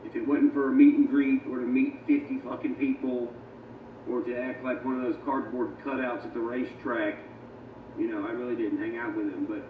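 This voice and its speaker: A man telling his story in a loose, profane, rambling way. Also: medium pitch. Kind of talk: documentary storytelling. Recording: tinny, noisy, echoey sound from a distance.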